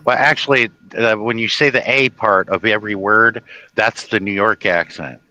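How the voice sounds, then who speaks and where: A man from the Chicago area hosting a casual chat, rambling through stories with halting restarts. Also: fairly low pitch, sharp tone, muffled recording. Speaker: host.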